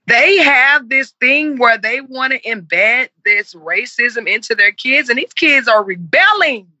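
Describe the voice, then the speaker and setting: A woman's voice: fairly high pitch, animated, a little slow, pushed and bright, dry recording, lo-fi sound. A woman in her forties, speaking earnestly and with passion in an interview and repeating herself for emphasis. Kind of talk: heartfelt conversational interview.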